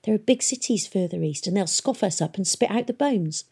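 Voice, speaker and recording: A woman's voice: medium pitch, expressive, fairly quick, a little mellow, breathy edge. A woman voicing a worried female servant muttering in a whisper, in an audiobook. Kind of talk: audiobook character voice.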